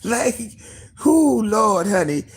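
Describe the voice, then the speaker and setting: A woman hosting a casual live stream, gossiping in an animated, profane way and laughing often. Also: medium pitch, slow, breathy edge. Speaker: livestream host.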